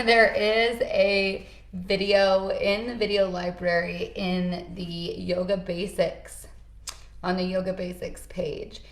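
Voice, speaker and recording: A woman guides a yoga session, calling out poses and breaths in a calm, encouraging way. Her voice has a slight gravelly fry at a mid pitch. The sound carries a roomy echo. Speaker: yoga instructor. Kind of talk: guided yoga class instruction.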